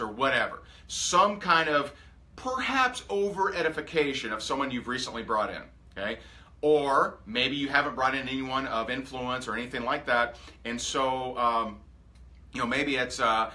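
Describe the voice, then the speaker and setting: An energetic man leads a coaching session with a bright, forceful voice. He talks to his group with lots of drive and animation, slipping into quick acted-out examples of what to say. His pitch sits in an ordinary middle range. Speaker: sales coach. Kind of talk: motivational training talk.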